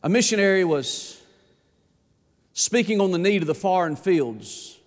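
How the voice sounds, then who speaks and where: High-voiced preacher in a reverberant church. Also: male voice, lively intonation, unhurried. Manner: folksy, rises to shouting on key points. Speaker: pastor. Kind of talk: sermon. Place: church sanctuary.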